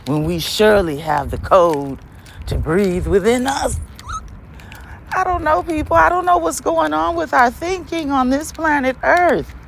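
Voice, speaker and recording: A woman hosting her podcast, preaching in an emphatic monologue full of rhetorical questions and laughs, with dramatic swings between high and low. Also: a little hiss or hum. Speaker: podcast host.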